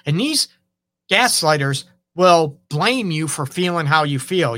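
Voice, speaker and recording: A man's voice: fairly high pitch, animated, unhurried, pushed and bright. A man hosting a relationship advice show as a counselor, talking casually and often checking in with "okay?" and "you know".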